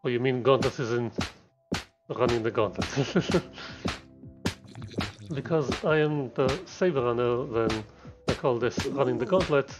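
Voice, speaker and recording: A man's voice: medium pitch, unhurried, over music. A man streaming a video game, muttering his thoughts aloud in casual commentary.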